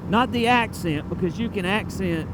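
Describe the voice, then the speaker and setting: A man's voice: high voice, normal speed. A man casually rambling to his viewers while riding a motorcycle through town, drifting off topic and swearing now and then. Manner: chatty, digressive, loose and profane. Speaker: motorcycle vlogger. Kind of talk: casual rambling vlog talk. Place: riding on a town road outdoors. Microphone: helmet-mounted camera mic. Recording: road and traffic noise outdoors.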